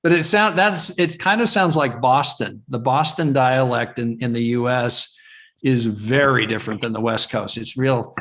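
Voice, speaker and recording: A man's voice: medium pitch, normal speed, fairly bright tone. A man from California hosting a live webinar over a video call, rambling casually with many fillers and restarts. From California, USA. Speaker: webinar host.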